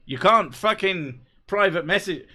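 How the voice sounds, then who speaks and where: A man's voice: high voice, expressive, measured pace, bright, forceful tone. Laid-back, sweary man streamer. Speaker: YouTuber reading live chat. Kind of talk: casual live-stream chat.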